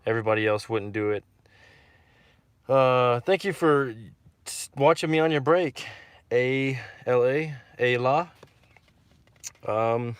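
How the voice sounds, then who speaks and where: A man's voice: mid-range voice, clean tone, no echo. A man from Texas hosting a casual livestream and reading out viewer comments, rambling and repeating himself with lots of fillers.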